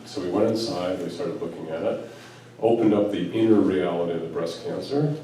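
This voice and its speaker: A deep, mellow voice, a little fast, belongs to an American physician and spiritual teacher speaking to a live audience. He tells stories with quoted lines and poses rhetorical questions. The distant recording echoes around a large event room, with faint noise behind.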